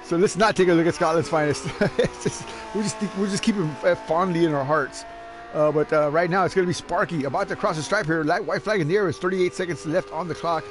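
Excitable man commentating a sim race. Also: on the high side, brisk. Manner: excitable, joking, laughs often. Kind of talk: casual sim racing commentary. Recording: noisy background.

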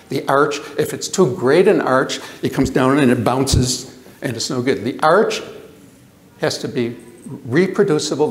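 An older man giving a lecture, animated, asking the audience questions and repeating himself for emphasis. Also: mid-range voice, reverberant. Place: lecture hall.

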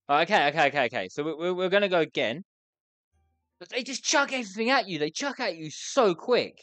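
Young woman streaming a game, frantic and foul-mouthed, very lively pitch, dry close mic. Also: fairly quick, no echo. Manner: frantic, swearing, exasperated. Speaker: gaming YouTuber. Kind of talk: let's play commentary.

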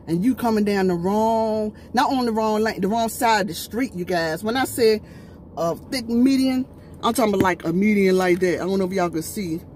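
A woman's voice: medium pitch, normal speed. A woman vlogger telling a storytime to camera, talking emphatically and straight to her viewers. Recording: loud traffic noise behind the voice.

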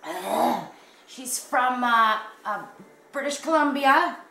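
A Canadian woman in her fifties, a crochet vlogger, chatting casually on camera and gushing with excited, breathless giggles. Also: a little high, takes it slowly, creaky. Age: 50s. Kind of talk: casual vlog unboxing. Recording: echoey room.

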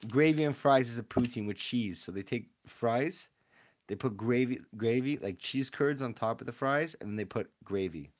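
Male streamer, mid-pitched, chatty and excitable, casual live-stream host. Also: normal speed. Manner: excitable, chatty, talks to viewers. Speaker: streamer opening card packs.

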